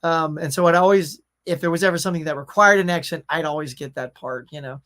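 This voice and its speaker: A Louisiana man hosts a casual pop culture live stream, reading viewer comments aloud in an animated, jokey manner. His voice is a little high and his pace quick.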